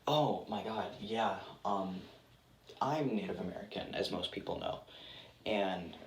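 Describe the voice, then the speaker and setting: A man's voice: lowish voice, unhurried. A young adult man answering interview questions in a casual, rambling way. He uses lots of filler words and pokes fun at himself. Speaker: actor guest. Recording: roomy with faint background noise.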